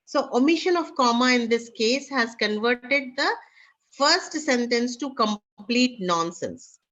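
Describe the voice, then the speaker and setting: A woman teaching an online class with an Indian English accent, talking haltingly with many fillers. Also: a little high, animated, fairly bright tone. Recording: dull lo-fi online class audio.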